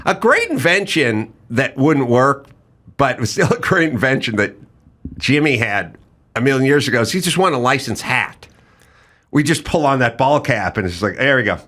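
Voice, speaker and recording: Animated, bright-voiced man telling stories. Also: medium pitch, normal speed. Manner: animated storyteller acting out other people's lines. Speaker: podcast host. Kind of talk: casual chat.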